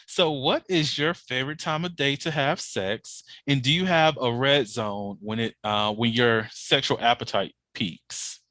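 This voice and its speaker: A man hosting a podcast in casual chat, telling animated, profane stories and laughing often. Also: medium pitch, unhurried, few pauses, dry recording. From Georgia, USA. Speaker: podcast host.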